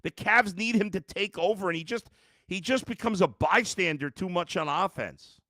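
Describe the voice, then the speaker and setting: Pushed and bright, the man's high voice moves at normal speed in a clean, echo-free studio recording. He hosts a live sports podcast, exasperated and tired, reading fan comments aloud and replying bluntly with occasional swearing.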